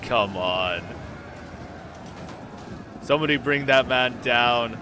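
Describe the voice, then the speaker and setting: A young man giving live gameplay commentary as a streamer, excitable and swearing when frustrated. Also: mid-range voice, takes it slowly, noisy background. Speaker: game streamer.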